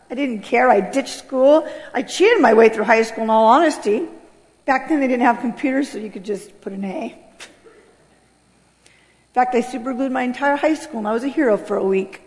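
A middle-aged American woman telling her life story as a personal testimony, earnest and swelling with emotion. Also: on the high side. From United States. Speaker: speaker giving a testimony. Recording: voice with long hall reverb.

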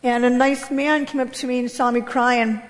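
A woman giving an emotional personal testimony to an audience, telling her story with emphatic, impassioned delivery and sudden leaps in pitch. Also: level tone, normal speed. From United States. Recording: long reverb of a large hall.

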